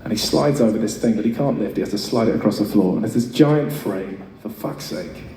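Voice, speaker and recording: Guy in his 30s telling a sweary story on stage mid-concert, sounds far off and boomy, lots of room noise. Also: fairly quick. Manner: chatty, self-mocking, swears freely. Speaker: singer performing live. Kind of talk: on-stage storytelling between songs. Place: large concert venue, in front of an audience. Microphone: stage mic through a PA. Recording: echoey, distant audience recording with loud ambience.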